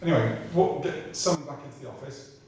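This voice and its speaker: A man's voice: fairly high pitch, brisk, darkish tone. A middle-aged British man, a racing driver guest, telling comic anecdotes at a live evening in a chatty, irreverent way that includes swearing. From Britain. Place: large room at a live talk event. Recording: echoey hall from far off.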